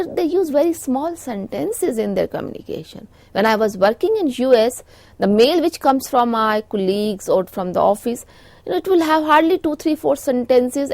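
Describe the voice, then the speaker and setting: A woman's voice: a little high, a little mellow, dry recording. A middle-aged woman with an Indian English accent giving a recorded lecture, explaining points with frequent "you know" fillers.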